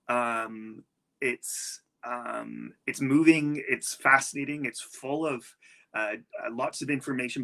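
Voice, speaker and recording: A man's voice: mid-range voice, bright, forceful tone. A male science writer speaking as a guest, enthusiastic and searching for words with many fillers. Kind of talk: conversational panel discussion.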